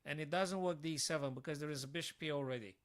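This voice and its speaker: A man's voice: on the high side, fast. A man streaming live chess puzzles, thinking aloud to his viewers and breaking into sudden frustrated outbursts.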